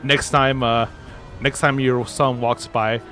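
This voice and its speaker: Male streamer, unhurried, rambling casual chat over game music. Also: mid-range voice, level tone, pushed and bright. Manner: rambling, many fillers and restarts, laughs easily. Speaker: gaming livestream host.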